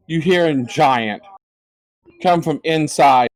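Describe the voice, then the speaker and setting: A man's voice: fairly high pitch, lively intonation, moderate pace, darkish tone, dry recording. Hesitant male game master, dry sound. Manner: hesitant, full of fillers. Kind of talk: narrating a tabletop game.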